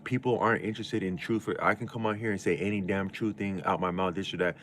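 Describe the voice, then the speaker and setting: Rambling low-voiced male livestreamer. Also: fairly even intonation, fast, a bit bright, slight background noise. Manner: rambling and slangy, with many restarts. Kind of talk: casual livestream monologue.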